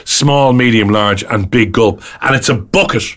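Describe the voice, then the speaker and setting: A man with an Irish accent hosting a casual radio chat show, lively and rambling. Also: medium pitch, normal speed. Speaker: radio host.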